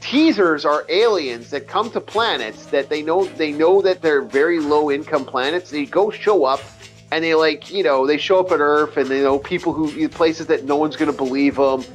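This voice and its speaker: Let's play host, man, higher voice, rambling and swearing, faint game music under him. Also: moderate pace. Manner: rambling, profane, stumbling restarts. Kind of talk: casual chat over gameplay.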